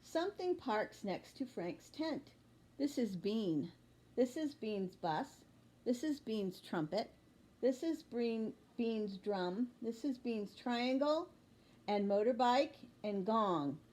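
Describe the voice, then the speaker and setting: A fussy, grumpy loner who just wants peace and quiet, as a woman reading a storybook aloud puts him on. He speaks slowly and fussily, in a fairly high voice, with exclamations when he is bothered. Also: animated. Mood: alarmed.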